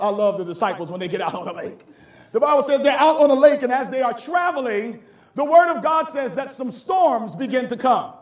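High-voiced black-preacher, slangy, hollers a lot, echoey church. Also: male voice. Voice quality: animated, slangy, shouting for emphasis. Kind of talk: sermon.

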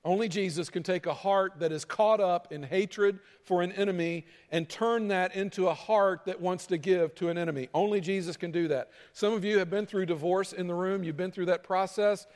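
A man's voice: sits high, moderate pace, hardly any pauses, a little mellow. A man preaching a sermon as pastor, talking in a conversational way and acting out quarrels between people. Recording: hall reverb.

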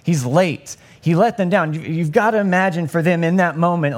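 A man's voice: normal speed, few pauses. A young man giving a casual, conversational sermon and acting out the voices in the story. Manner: conversational, acts out the story's voices with rising pitch. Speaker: preacher.

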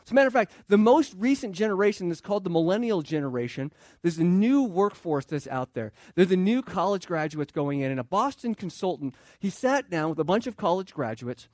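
A man's voice: sits high, sing-song, a little fast, a little mellow, dry recording. A man preaching a sermon as pastor, talking conversationally, repeating and restarting phrases and putting questions to the congregation.

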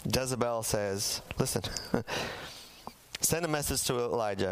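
In a church sanctuary, a pastor with a medium-pitched voice at normal speed preaches a sermon, telling a Bible story with humor and acting out the characters' lines for the congregation. There's a little hiss or hum on the audio.

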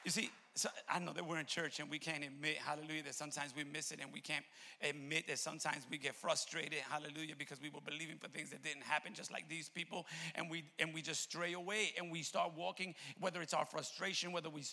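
A man preaching a sermon in a church, swinging between loud shouted peaks and low intimate asides, with a gravelly voice. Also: little pitch movement, fast talker. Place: church sanctuary. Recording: long reverb of a church hall.

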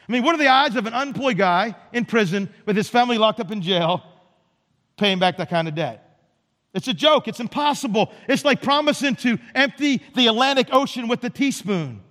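Pastor guy preaching, high voice, punchy repeating lines, big echoey church. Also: a bit bright. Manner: emphatic, repetitive preaching cadence. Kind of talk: sermon. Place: church sanctuary. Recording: reverberant church hall.

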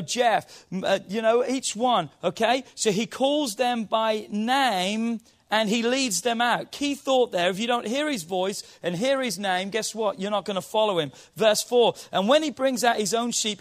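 A man preaching to his congregation. He quizzes the room playfully, reads scripture and builds to emphatic, rising appeals. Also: high-pitched. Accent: non-local accent. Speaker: pastor. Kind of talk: sermon. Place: church hall with congregation.

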